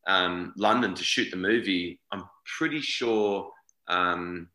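Australian man, 40s, very deep and bright-toned; rambling interview guest in an echoey room. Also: slow. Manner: rambling, self-correcting, repeats words. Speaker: actor guest. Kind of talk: casual interview chat.

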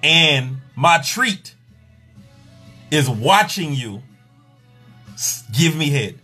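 Husky exasperated man ranting for laughs. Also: fairly high pitch, sing-song, very slow, bright, forceful tone, soft background music. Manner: exasperated, profane, joking. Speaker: sexologist and pleasure coach. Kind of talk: comedic rant on a podcast.

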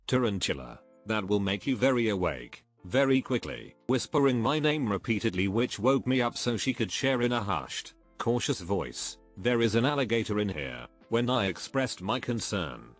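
A man's voice: fairly low pitch, sing-song, normal speed, few pauses, faint music behind. A man reading forum stories aloud in a scripted narration, with dry, conversational asides between them.

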